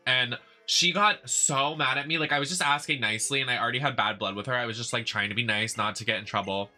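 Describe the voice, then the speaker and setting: Young male streamer, sassy and emphatic, very bright tone over faint game music. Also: medium pitch, fast, few pauses. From United States. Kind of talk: casual chat while gaming.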